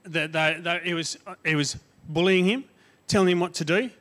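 A man's voice: on the high side, moderate pace, a bit bright, big-room sound. A man preaching a sermon, retelling a story with many restarts and fillers.

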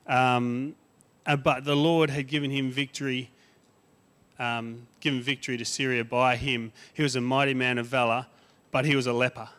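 This man preaches as a guest speaker at a moderate pace, his mid-range voice showing little pitch movement in a conversational delivery. He gets louder and rises on emphatic lists, then quiets down on asides.

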